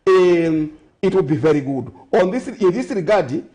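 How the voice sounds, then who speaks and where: Zambian man, high voice, talk-show guest, digresses and corrects himself often. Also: expressive, moderate pace, dark tone. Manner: rambling, self-correcting, sarcastic asides. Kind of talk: studio talk show discussion.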